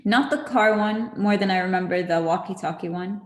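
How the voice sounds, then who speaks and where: A woman's voice: medium pitch, fairly quick, echoey room. A woman hosting a casual livestream, chatty and laughing often with lots of fillers. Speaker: livestream host. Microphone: video call.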